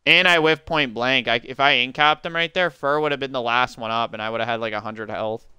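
A young man streaming a team game live, giving rapid callouts and countdowns to his teammates, slangy and swearing. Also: mid-range voice, bright, forceful tone, clear, resonant tone, dry recording. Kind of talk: live gameplay commentary to teammates.

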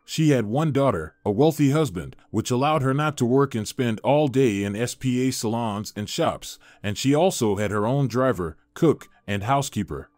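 A man's voice: mid-range voice, no echo, soft background music. Man narrating a story, dry. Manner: steady, measured reading.

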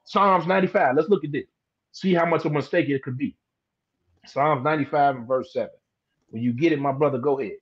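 A man teaching scripture in a relaxed, colloquial way on a live streamed Bible discussion, drawing out words for emphasis. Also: a little high, fairly quick, slightly rough. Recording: dull lo-fi live stream audio.

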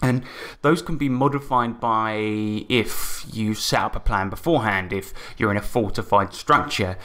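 A man's voice: fairly low pitch, moderate pace, bright, forceful tone. A man hosting a podcast as game master, casually recapping a tabletop campaign, swearing freely and chuckling as he talks. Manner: laid-back, swears casually, chuckles mid-sentence.

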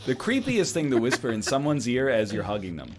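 A man's voice: medium pitch, wildly swooping pitch, fairly quick. A man hosting a casual podcast chat, joking and mock-indignant. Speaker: podcast host.

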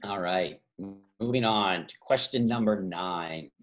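Man hosting a trivia quiz on a video call. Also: low-pitched. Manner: reads multiple-choice options slowly, stretching key words; chatty asides and self-corrections. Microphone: video call microphone.

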